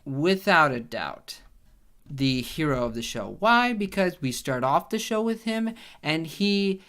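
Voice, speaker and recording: A man's voice: a little high, sing-song, a little slow, fairly bright tone. A young man giving a casual, enthusiastic spoken review, often restarting his sentences as he builds up to his points. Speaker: YouTube reviewer.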